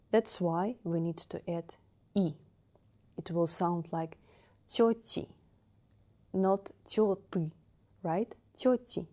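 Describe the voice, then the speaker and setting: Lady teacher, repeats every word, low-ish mellow voice. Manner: slow, patient, repeats each word for practice. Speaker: Russian language teacher. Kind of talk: grammar lesson explanation.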